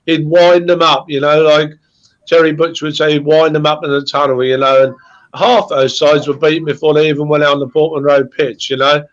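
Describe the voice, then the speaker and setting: A man speaking as a guest fan in casual podcast chat, halting and repeating words as he talks from the heart. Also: on the high side, level tone, lo-fi sound.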